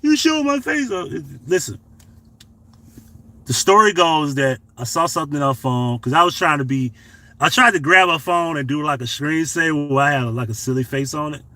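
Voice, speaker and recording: A man hosting a commentary vlog, telling a personal story in a casual, profane, animated way. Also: on the high side, normal speed. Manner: profane, animated, tells a story with acted quotes. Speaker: commentary channel host.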